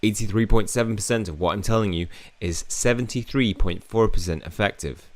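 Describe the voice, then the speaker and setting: A man's voice: fairly low pitch, fairly quick, lightly acted. A man voicing a young male student commentator who confidently rattles off statistics. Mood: lecturing.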